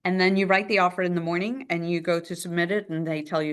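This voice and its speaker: Lively woman teaching a class. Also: on the low side, quick pace, few pauses, clear, resonant tone. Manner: lively, conversational, acts out phone calls. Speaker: real estate trainer. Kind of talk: live training class.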